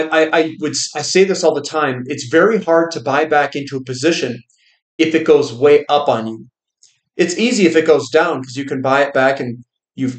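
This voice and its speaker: Guy talking markets fast and rambly, echoey room. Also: a little high. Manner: quick, rambling, with restarts. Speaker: finance channel host. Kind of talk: casual market commentary. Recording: roomy echo.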